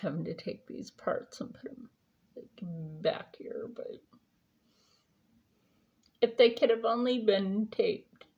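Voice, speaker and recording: A woman's voice: on the high side, slow pace, creaky, pauses often, in a whisper, dull audio. A woman vlogger chatting casually during her skincare routine, telling a rambling story with lots of fillers.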